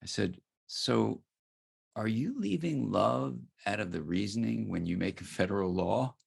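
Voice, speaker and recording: A man from the United States, a guest expert, telling a story in an interview answer, soft-spoken and dropping nearly to a murmur. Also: lowish voice, animated, unhurried, gravelly, breathy edge.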